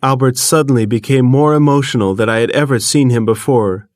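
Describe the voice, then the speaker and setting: A man reading an audiobook in the first person, measured and earnest, recorded close to the mic. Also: medium pitch, a little mellow, no echo. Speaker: audiobook narrator. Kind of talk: first-person scripted narration.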